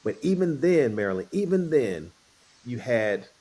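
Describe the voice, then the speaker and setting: A middle-aged man, a guest on an interview show, telling stories in a relaxed, playful way. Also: mid-range voice, a little slow, husky. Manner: relaxed, playful, acts out quoted voices. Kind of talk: casual storytelling interview.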